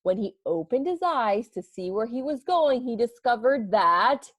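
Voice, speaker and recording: A woman teacher reading a picture book aloud to students with expressive storytelling, stopping to ask them questions. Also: on the high side, unhurried, few pauses, dry recording, clean studio sound.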